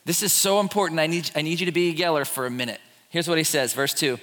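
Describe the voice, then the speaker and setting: A man preaching a sermon as a pastor, animated and quick to act out the voices of the people he describes. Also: fairly high pitch, big-room sound. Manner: animated, acts out voices of complainers. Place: church sanctuary.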